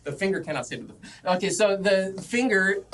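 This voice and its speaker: A high-pitched, fairly bright male voice speaks fairly quickly. The middle-aged man is teaching Latin poetry in a conference classroom in an energetic lecture style, joking with attendees and chanting the rhythm of the meter aloud.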